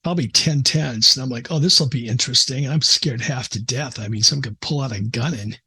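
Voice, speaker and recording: Husky-voiced man telling a story. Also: medium pitch, a little fast, pushed and bright. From American Midwest. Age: middle-aged. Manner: earnest, emotional storyteller, frequent restarts. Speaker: psychiatrist guest. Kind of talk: casual interview storytelling.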